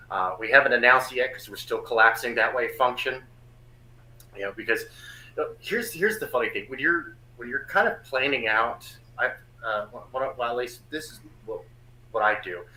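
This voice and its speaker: A man talking casually and excitedly on a podcast, rambling with lots of restarts. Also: mid-range voice, roomy sound, slight background noise, rough recording.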